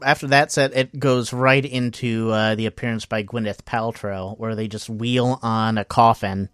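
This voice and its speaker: Matter-of-fact man, deadpan comedy co-host, dry close recording. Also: lowish voice, normal speed, smooth, no room sound. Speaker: podcast co-host.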